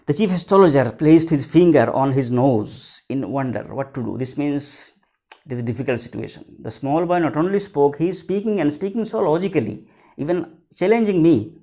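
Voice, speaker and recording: A man's voice: a little high, normal speed, darkish tone. A male teacher reading a story aloud and explaining it line by line in simple words. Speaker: English teacher. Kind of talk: textbook lesson explanation.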